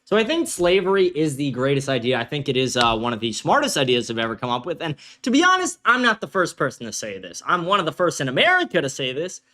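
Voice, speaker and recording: A man's voice: fairly high pitch, sing-song, fast talker, few pauses, bright, forceful tone. A man hosting a livestream commentary show from a green-screen studio, ranting in a brash, profane way. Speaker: host.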